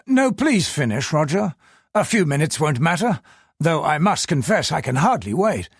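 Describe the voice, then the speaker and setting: A man's voice: a little high, sing-song, normal speed, vocal fry, breathy edge, no room sound, clean studio sound, pitched above the performer's own voice, full character voice. A man voicing an older British colonial governor, clipped and upper-class, drifting into wistful brooding. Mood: brisk, clipped.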